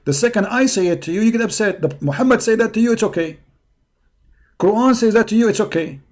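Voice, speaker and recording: A hoarse man hosting a live stream, delivering a combative, mocking rant that taunts his opponents. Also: high voice, expressive, quick pace, darkish tone. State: hoarse from hours of talking.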